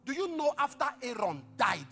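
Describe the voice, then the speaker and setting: A middle-aged male pastor preaching a sermon, telling stories dramatically with sudden shouts and hushed asides. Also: extremely high pitch, very animated, normal speed, gravelly, loud music behind the voice. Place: church service.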